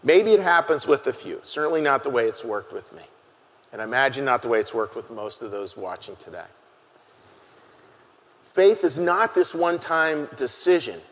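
A man preaching a sermon as pastor, earnest and halting, often repeating his key phrases for emphasis. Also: medium pitch, sing-song, fairly bright tone. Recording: long hall reverb.

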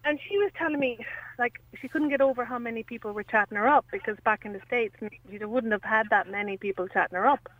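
A woman's voice: fairly high pitch, quick pace, fairly bright tone, no echo, low-quality recording. A young Irish woman calling a radio show, nervous and chatty as she tells a story. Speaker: radio caller. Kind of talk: phone-in chat.

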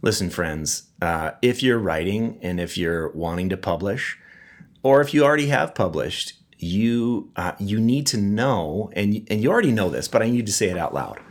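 With a lowish, animated voice at normal speed, this middle-aged podcast host chats casually in a monologue. A cold leaves him wheezy, and he laughs at his own stories.

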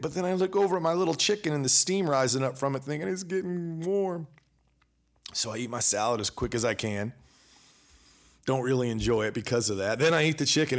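A man hosting a podcast, telling a personal story in a casual, animated way and acting out both sides of the exchanges. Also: mid-range voice. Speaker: podcast host.

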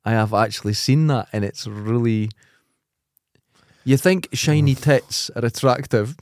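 A man's voice: mid-range voice, a little slow, dry recording, studio quality. A man co-hosting a podcast, telling wry anecdotes in a crude casual chat. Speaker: podcast co-host.

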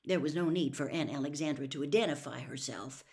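A woman with a fairly low voice reads a novel aloud. Her delivery is slow, measured and hushed. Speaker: story reader.

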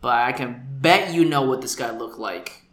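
A man's voice: medium pitch, moderate pace, roomy sound. A man co-hosting a podcast, telling a story in casual chat and acting out the people in it. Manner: animated, acts out quoted people.

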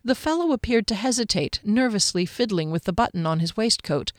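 A woman reads a fantasy novel aloud in a steady, measured way. Her voice is mid-pitched for a woman, and the recording is close and dry with no room sound. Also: dry recording. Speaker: audiobook narrator. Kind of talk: scripted narration.

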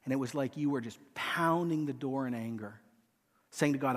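A man preaching a sermon and leading a hushed, pleading prayer from a church stage. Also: mid-range voice, normal speed. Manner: earnest, hushed and pleading, voicing Jesus softly. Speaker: pastor. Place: large church auditorium. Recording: long hall reverb.

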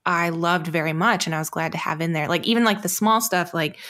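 A woman co-hosting a casual film review chat, animated and laughing, full of likes and ums. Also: fairly low pitch, brisk. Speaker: podcast co-host.

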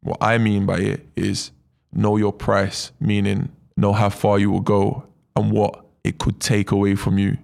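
A footballer, low and gravelly. He tells his stories animatedly, leaning on fillers and tag questions to pull the listener in. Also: completely flat delivery, unhurried, darkish tone. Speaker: footballer guest. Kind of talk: casual interview chat.

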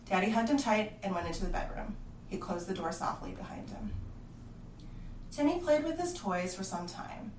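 A woman narrates a creepy horror tale in an expressive, hushed storytelling voice. She sounds roomy and set back from the mic, with faint ambience in the background. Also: medium pitch, brisk, recorded from a distance, slight background noise.

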